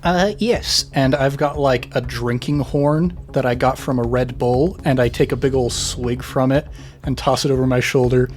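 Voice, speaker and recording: A man's voice: mid-range voice, fairly even intonation, normal speed, a little mellow. A man playing in a tabletop game, upbeat and joking. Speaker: player. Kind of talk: casual tabletop play.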